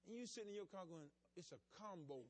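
High-voiced man preaching conversationally. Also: expressive, fast. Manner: conversational preaching, acts out little scenes with voices. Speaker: pastor. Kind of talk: sermon.

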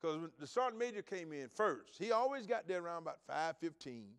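A man preaching a sermon to his congregation, moving between loud emphatic points and quiet asides, with folksy storytelling and repeated phrases. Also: fairly high pitch, big pitch swings, a little fast, smooth. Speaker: pastor.

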